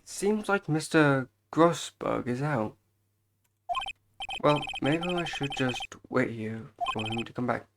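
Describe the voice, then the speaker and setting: A woman's voice: a bass voice, lively intonation, slow pace, a little hiss or hum. A woman streamer giving casual, sarcastic and profane commentary while playing a game. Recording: game music behind the voice.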